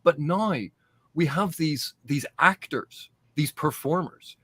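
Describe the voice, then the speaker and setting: Guy on a podcast panel making a point, earnest and emphatic, mid pitch, pretty dry sound. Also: no echo. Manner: earnest, emphatic arguing with frequent restarts. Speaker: podcast guest. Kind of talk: casual panel discussion.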